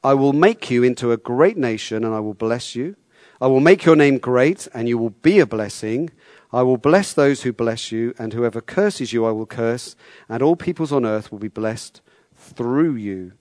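A man's voice: medium pitch, lively intonation, moderate pace, darkish tone, no room sound. Conversational male preacher, dry sound. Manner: conversational, repeats words, asks the listeners questions. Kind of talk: sermon.

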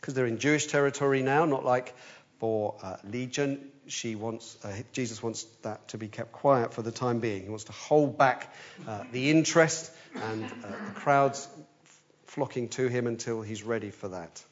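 A man delivers a sermon as lively storytelling, swinging between urgent rises and quiet, hushed passages. His pitch sits in a plain middle range. The recording sounds dull and slightly lo-fi. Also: moderate pace. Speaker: preacher.

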